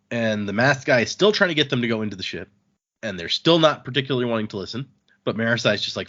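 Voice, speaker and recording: A man's voice: on the low side, lively intonation, a bit bright. A man on a book podcast, casually retelling chapters and quoting the characters as he goes. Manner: retells scenes, quoting characters in quick asides. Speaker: podcast host summarizing chapters. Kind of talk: casual chat, retelling a story. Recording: dull, muffled podcast audio.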